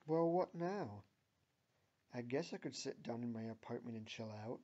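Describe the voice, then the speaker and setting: A man's voice: medium pitch, expressive, normal speed, dark tone, close to an everyday voice. A man reading the lines of an abrasive, cynical young woman who swears and grumbles, on a dull lo-fi recording. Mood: grumbling bitterly.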